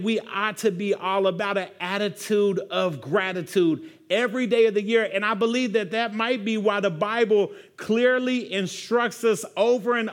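Casual-talking preacher man, high voice. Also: a bit bright. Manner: casual, says "man" constantly, conversational preaching. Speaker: pastor. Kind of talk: sermon.

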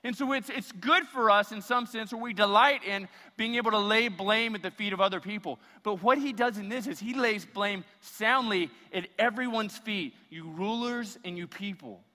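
A man's voice: sits high, normal speed, hardly any pauses, pushed and bright, big-room sound. A man preaching a sermon as a pastor, emphatic and repeating phrases for stress.

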